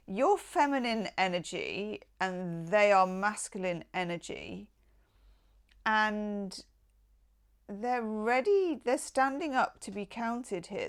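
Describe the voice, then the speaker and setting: A woman's voice: medium pitch, clean tone. A woman giving a tarot reading in a casual, enthusiastic and affectionate way, with chatty asides. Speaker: tarot reader.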